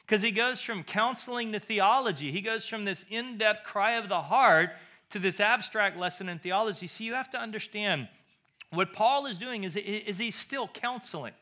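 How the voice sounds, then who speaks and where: A man preaching a sermon with a high, ringing voice. He is an emphatic pastor who drives points home by repeating his phrases. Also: moderate pace, pushed and bright.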